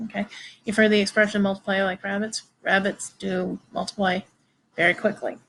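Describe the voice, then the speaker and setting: A woman giving a recorded biology lecture to students, halting and informal, with many fillers and restarts. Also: mid-range voice, little pitch movement, vocal fry, a bit bright, a little hiss or hum, poor audio. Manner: informal, addresses students directly.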